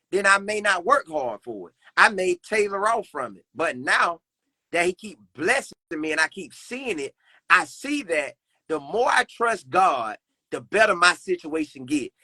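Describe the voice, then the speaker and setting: A man's voice: high-pitched, sing-song, measured pace, pushed and bright, no room sound. A young man talking earnestly about faith as a podcast guest, repeating phrases in a preacherly way. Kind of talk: casual faith conversation.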